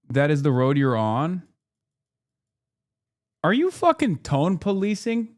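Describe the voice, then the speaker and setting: Dude streaming reaction vids, higher voice than most guys, swearing a lot, heated and sarcastic. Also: male voice. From United States. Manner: heated, profane, sarcastic ranting. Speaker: livestreamer reacting to news clips. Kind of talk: live reaction commentary.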